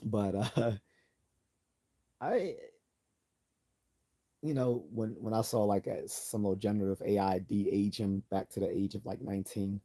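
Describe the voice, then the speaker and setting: A man hosts a casual livestream in a low, mellow voice. He rambles, restarts his sentences and corrects himself as he goes. He reads out viewer comments and answers them. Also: steady tone, measured pace, pauses often. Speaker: livestream host.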